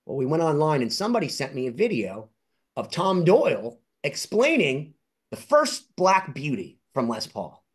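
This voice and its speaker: A man telling excited, rambling anecdotes as an interview guest and collector, acting out other people's lines in high voices. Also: moderate pace, husky. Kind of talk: casual storytelling.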